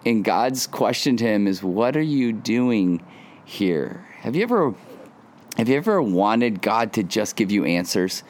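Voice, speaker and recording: A man preaching a sermon as pastor, earnest, rising into high pleading lines and dropping to quiet, hushed words. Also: lively intonation, measured pace. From Southern California. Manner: earnest, rising to high emphatic pleas, dropping to soft near-whispers.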